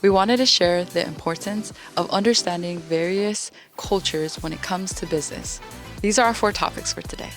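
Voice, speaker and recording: Low-voiced woman from California. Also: moderate pace. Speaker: student presenter. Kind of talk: class presentation. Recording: music bed behind the voice.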